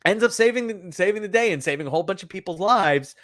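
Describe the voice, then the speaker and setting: Casual podcast film reviewer, male, talks in loose animated rambles, a bit higher voice, dead-dry close sound. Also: quick pace, no room sound. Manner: rambling, animated, lots of fillers and restarts. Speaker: podcast co-host.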